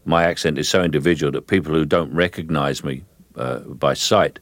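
A man with a London Cockney accent talks in a deep, low voice, circling through his stories with restarts and fillers. The recording is close and dry. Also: normal speed, dry recording. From England. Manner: rambling storyteller with many restarts and fillers. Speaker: actor guest. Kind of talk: relaxed interview answers.

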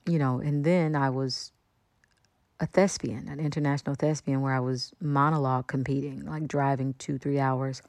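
Recorded close and dry in a studio, a radio interview guest shares a personal story at normal speed. Her voice is remarkably low and warm, and she animatedly takes on the voices of those she quotes.

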